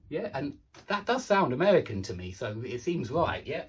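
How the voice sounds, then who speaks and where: Chatty southern English pronunciation teacher. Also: male voice, mid-range voice, very animated. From southern England. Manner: repeats words slowly with exaggerated contrast, chatty asides. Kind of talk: online pronunciation lesson.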